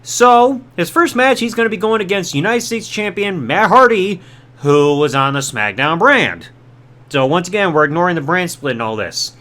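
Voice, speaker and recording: A man hosts a podcast and tells a story in a chatty, casual way, full of quick asides. His voice sits high and swings in a wide, animated range. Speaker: podcast host. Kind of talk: casual recap of old wrestling storylines.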